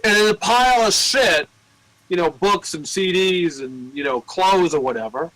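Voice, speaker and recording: Profane, animated record store guy. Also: high voice, moderate pace, dry recording, rough recording. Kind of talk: casual chat, telling store anecdotes.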